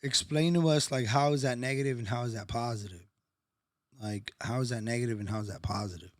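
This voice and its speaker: A man with an everyday mid-range voice hosts a podcast in an easy, relaxed way. He winds into his questions with plenty of fillers. His voice sounds close and dry, with no room echo. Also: mid-range voice, fairly quick. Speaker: podcast host and coach. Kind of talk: casual chat.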